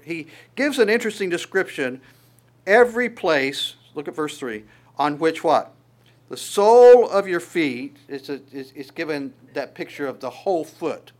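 A man preaching a sermon in a conversational way, with halting restarts and acted-out quotes. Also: medium pitch.

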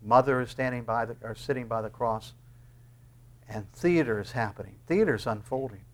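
An older man preaching a sermon, swinging from hushed asides to loud, impassioned lines and acting out quoted voices. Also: mid-range voice, normal speed.

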